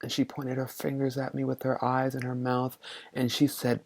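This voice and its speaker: A young woman spins a story straight to her phone camera, sassy and theatrical and quick to swear. Her voice sits extremely low, with a gravelly fry and a husky edge. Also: completely flat delivery, darkish tone, low-quality recording. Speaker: vlogger.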